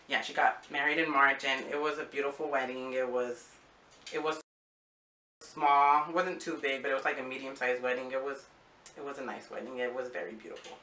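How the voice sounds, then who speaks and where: A young man from Arizona talks through his year in a loose, rambling way, full of fillers and little restarts. His voice is bright and edged. The room around him rings with noticeable echo. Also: a little high, distant mic. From Arizona, USA. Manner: rambling, with frequent fillers and acted-out quotes. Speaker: vlogger. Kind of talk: casual personal storytelling. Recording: echoey room.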